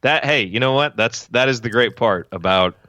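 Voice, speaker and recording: A man's voice: mid-range voice, normal speed, pushed and bright, dry recording. A man serving as a podcast guest host, chatting casually and chiming in with agreement and chuckles. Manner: agreeable, backchannels often, chuckles. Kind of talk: casual chat.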